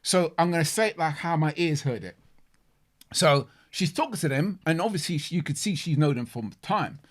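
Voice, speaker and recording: A man's voice: fairly high pitch, animated, moderate pace. A man co-hosting a casual podcast chat, telling stories animatedly and often repeating words. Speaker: podcast co-host.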